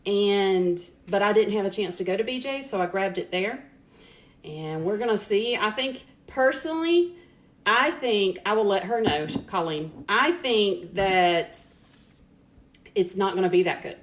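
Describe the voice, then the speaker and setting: Woman, home cook hosting a live stream, mid-pitched and chatty, echoey kitchen. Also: animated, unhurried. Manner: chatty, greets viewers by name, laughs often. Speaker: host cooking on a live stream. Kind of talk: casual live cooking chat. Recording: echoey kitchen with faint noise.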